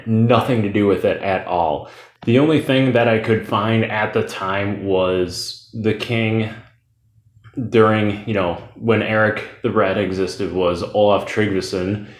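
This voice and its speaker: A man with a lowish voice talks through a beer review in a loose, rambling way. He fills gaps with "like" and "you know" and keeps drifting off topic. The room around him is noticeably echoey. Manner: loose and chatty, rambles off on tangents with fillers.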